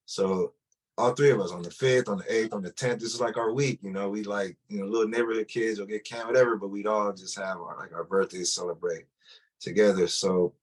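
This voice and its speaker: A man's voice: fairly low pitch, fairly even intonation, brisk. A man telling his personal testimony in a loose, conversational way, often restarting and filling with "like". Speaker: testimony speaker.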